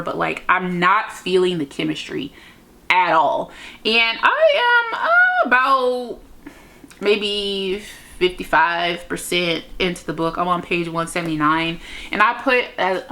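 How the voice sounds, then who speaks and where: A chatty young woman reviewing books in a casual, rambling way, full of "like" and asides to her viewers. Her voice sits fairly low for a woman, and she gushes warmly over the stories she loved. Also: gravelly. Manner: chatty, gushing, lots of "like" and "you know what I mean". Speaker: book vlogger. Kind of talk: casual book review chat.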